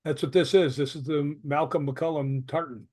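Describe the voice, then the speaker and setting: A man's voice: a little high, steady tone, moderate pace, mellow. A man being interviewed as a guest, telling anecdotes in a chatty way and laughing often. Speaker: paranormal investigator guest. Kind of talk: casual interview storytelling.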